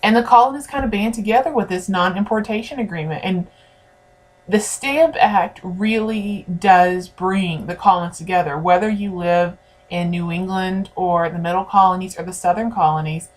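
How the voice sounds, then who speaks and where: In this recorded classroom lecture, a woman from the United States speaks straight to her students about history. Her pitch sits fairly low, her pace is moderate, and her tone stays conversational.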